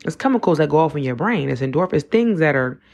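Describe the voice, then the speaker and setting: A woman in her 20s speaks quickly in a low, somewhat mellow voice with lively intonation while hosting a reflective podcast monologue. She chats casually, using "like" constantly and frequently starting sentences over.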